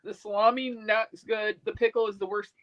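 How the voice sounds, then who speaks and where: A woman on a video call in a casual chat, rambling and halting, full of restarts and fillers. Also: medium pitch, flat delivery, lo-fi sound.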